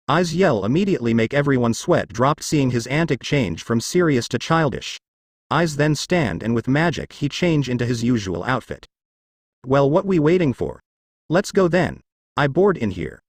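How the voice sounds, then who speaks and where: A man reads a fan story aloud, narrating as its boastful hero. His pitch swings lively through the lines. The recording is dry and close. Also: moderate pace, dry recording. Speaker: reader.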